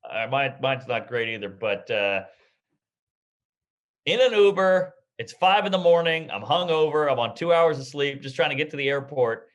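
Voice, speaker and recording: Animated man telling comic stories. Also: medium pitch, moderate pace. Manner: animated storytelling with jumpy voices for quoted people. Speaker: podcast co-host, comedian. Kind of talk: casual comedic chat.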